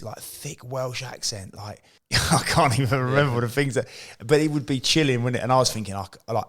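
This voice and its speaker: Fast-talking middle-aged man, low voice. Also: fairly bright tone. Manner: rambling storyteller, repeats words, quick restarts. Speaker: podcast co-host, former footballer and manager. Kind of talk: casual podcast chat.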